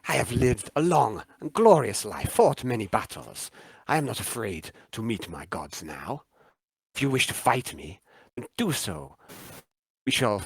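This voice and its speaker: A man's voice: mid-range voice, a bit bright, slightly rough, dry recording, exaggerated voice. A man voicing a proud old male warrior who is defiant and unafraid of death, speaking in a solemn, grave way.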